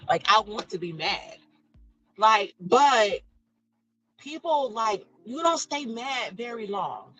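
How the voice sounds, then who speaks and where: A woman's voice: fairly high pitch, animated, slow, fairly bright tone, rough recording. A middle-aged woman hosting a live stream, chatting casually with her viewers and reading their comments, laughing often and pronouncing every syllable carefully. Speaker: livestream host reading chat. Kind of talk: casual chat.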